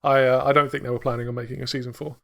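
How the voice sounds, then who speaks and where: A man's voice: mid-range voice, little pitch movement, very fast, gravelly, crowd noise. A man co-hosting a podcast, chatting casually with enthusiasm, swearing and laughing often. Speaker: podcast co-host.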